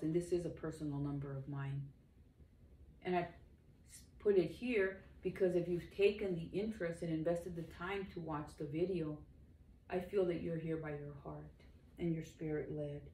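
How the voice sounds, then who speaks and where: A woman's voice: sits low, warm tone. A woman in her sixties, a lay minister, preaching informally to the camera in an earnest, emphatic and rambling way. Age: 60s. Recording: roomy echo, distant mic, faint background noise.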